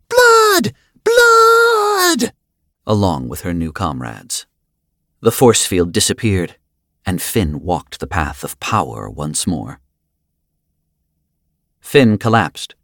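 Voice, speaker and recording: Deep-voiced man narrating an audiobook. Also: no room sound, studio quality. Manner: dramatic, expressive storytelling. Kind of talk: scripted narration.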